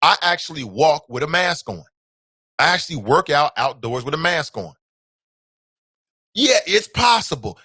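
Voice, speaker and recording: A man hosts his own show in a loose, conversational monologue, full of asides and filler. He keeps spiking into loud, high outbursts when something annoys him. His voice is bright and forceful, and the recording is dry and close. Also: very animated, normal speed, long pauses, breathy edge, no echo. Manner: emphatic, ranting, jumps into loud high outbursts. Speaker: talk show host. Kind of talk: casual talk-show monologue.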